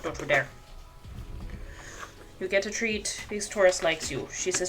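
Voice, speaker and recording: A woman's voice: lowish voice, measured pace, pauses often, loud music behind the voice, poor audio. A young woman streaming her drawing session, chatting playfully and fondly to her cat at her home workspace. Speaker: art streamer. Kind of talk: casual chat while drawing. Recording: clicking noise in background.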